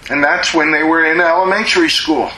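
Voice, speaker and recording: A man preaching a sermon as a pastor, slow and emphatic, drawing out words to press his points. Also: fairly high pitch, fairly even intonation, bright, forceful tone, echoey room, poor audio.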